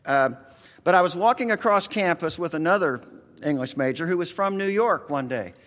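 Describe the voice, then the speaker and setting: Earnest folksy preacher, rural American accent. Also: male voice, high-pitched, lively intonation, normal speed, a bit bright, long reverb tail. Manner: earnest, folksy, talks directly to the congregation. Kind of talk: conversational sermon.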